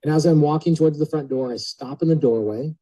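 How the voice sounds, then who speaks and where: A man telling an animated story to a group, casual and full of filler words, acting out the people in it. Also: fairly high pitch, fast, no room sound, poor audio. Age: adult. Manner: lively, acts out quoted voices, casual filler words. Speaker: speaker telling a real estate story to a group.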